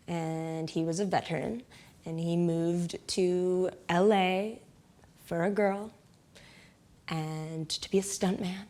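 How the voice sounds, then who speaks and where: A young woman tells a personal story in a loose, chatty way, filling her speech with "like" and breaking into laughter often. Her voice sits at an ordinary middle pitch, and at tender moments it falls to a soft whisper. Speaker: interviewee.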